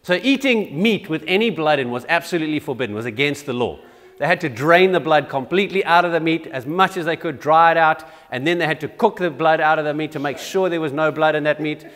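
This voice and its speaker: A man's voice: fairly high pitch, fast talker, a bit bright, long reverb tail. A man preaching a sermon in a conversational, self-deprecating way with frequent restarts. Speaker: pastor. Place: church.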